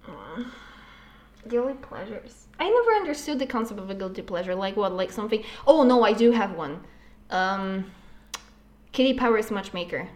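A woman's voice: mid-range voice, expressive, normal speed. A woman in casual chat, jokey and self-mocking, who swears freely. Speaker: podcast guest.

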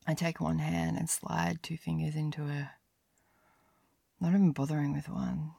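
A woman's whispered role-play, delivered as an intimate first-person narration. Her low voice has a heavy gravelly fry and lots of breath, sighing between lines. The sound is dry and close, with no room around it. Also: level tone, warm tone, dry recording. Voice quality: breathy whisper with frequent sighs. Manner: slow, lingering, intimate first-person storytelling.

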